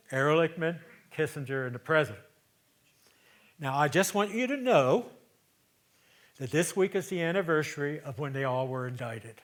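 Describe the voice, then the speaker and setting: A man in his seventies performing a theatrical storytelling monologue on a stage, conversational, moving between loud emphasis and hushed asides. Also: on the high side. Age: 70s.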